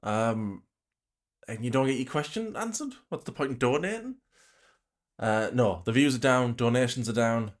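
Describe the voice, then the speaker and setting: Blunt man ranting, lively pitch. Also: normal speed. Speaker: reaction commentator. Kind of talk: reacting to a livestream.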